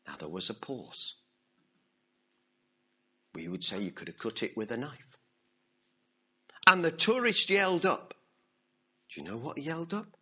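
A man preaching a sermon as pastor, telling stories with animated acted-out voices and asking the congregation to respond. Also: mid-range voice, measured pace, pauses often, slightly rough, dull audio. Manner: animated storyteller, acts out voices. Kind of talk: sermon with story and call-and-response.

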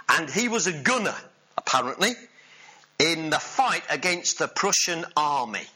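A male preacher, giving a sermon with animated storytelling and jokes with the congregation. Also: a little high, moderate pace, husky, rough recording.

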